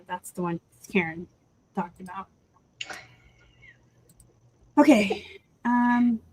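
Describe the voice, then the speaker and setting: A woman's voice: a little high, no room sound, low-quality recording. A woman hosting a casual live-stream chat about reselling, rambling through asides and laughing often over a video call.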